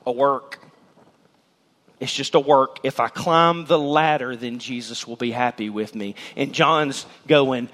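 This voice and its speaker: A man preaching a sermon as pastor, emphatic, shouting key words and mimicking people's voices, in a church sanctuary. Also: medium pitch, lively intonation, unhurried, in a large hall.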